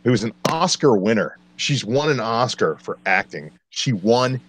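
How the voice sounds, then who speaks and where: A man's voice: mid-range voice, animated, unhurried, fairly bright tone, slightly rough. A man ranting a blunt, profane movie review as a podcast co-host, exasperated and swearing freely.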